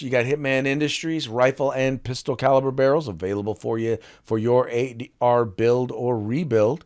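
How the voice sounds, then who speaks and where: A man's voice: mid-range voice, steady tone, moderate pace, hardly any pauses, a little mellow. A man hosting a podcast in casual political commentary, chatty and teasing with many restarts and asides. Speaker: podcast host.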